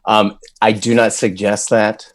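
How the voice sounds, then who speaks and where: A man's voice: fairly low pitch, level tone, unhurried, dry recording. A man, a voice actor, chatting candidly and with self-deprecating humor as an interview guest. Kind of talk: casual interview chat.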